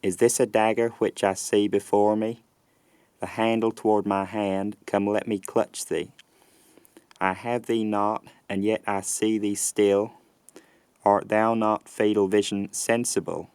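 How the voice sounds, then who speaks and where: A man reciting a Shakespeare soliloquy in a put-on rural Southern US accent, with slow, theatrical, measured verse delivery. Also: fairly low pitch, level tone, a little mellow, smooth, dry recording. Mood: brooding. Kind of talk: dramatic verse reading.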